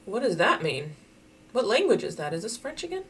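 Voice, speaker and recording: A woman giving casual, chatty commentary while playing a geography guessing game, thinking out loud and laughing often. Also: mid-range voice, sing-song, a little fast, breathy edge. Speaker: game streamer.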